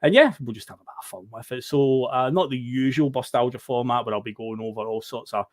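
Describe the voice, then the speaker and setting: Here a Scottish podcast host talks football casually, cheerful and frequently breaking into laughter. He speaks fairly quickly at a medium pitch, captured in clean studio sound without echo.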